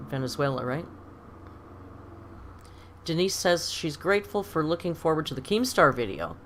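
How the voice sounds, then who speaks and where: A woman's voice: low voice, a bit bright, a little hiss or hum. A middle-aged woman from Canada hosting a casual live stream, reading comments aloud and telling stories with frequent laughs. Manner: chatty storytelling, laughs often. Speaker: livestream host.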